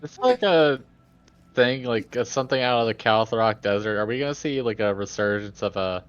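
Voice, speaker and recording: A man's voice: medium pitch, expressive, normal speed, smooth. A man playing a tabletop game, speculating aloud in a hesitant, musing way. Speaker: player. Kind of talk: casual tabletop play. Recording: dull lo-fi recording.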